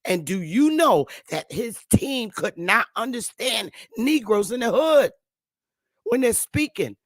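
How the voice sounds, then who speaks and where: A woman's voice: a little high, sing-song, slow pace, no room sound. Emphatic middle-aged woman, dry close sound. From Connecticut, United States. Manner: emphatic, insistent, repeats her points. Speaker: online talk show host. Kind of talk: livestream monologue.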